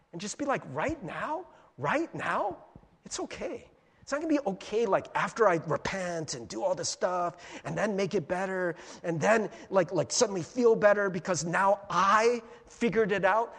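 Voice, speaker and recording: Animated, husky-voiced pastor preaching in a hall. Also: male voice, sits high. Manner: animated, conversational, acts out inner voices. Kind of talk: sermon.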